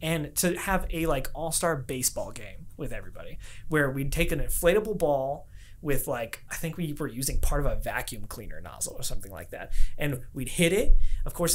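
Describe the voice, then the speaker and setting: A young man co-hosting a podcast, telling a long work story in casual chat and acting out the people he quotes. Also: on the high side. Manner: animated, profane, acts out quoted people. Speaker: podcast co-host.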